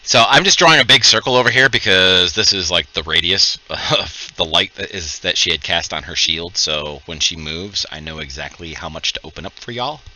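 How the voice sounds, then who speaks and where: A man's voice: low voice, normal speed, few pauses, sharp tone, rough recording. A man running a tabletop game, explaining the map and rules step by step. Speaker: game master.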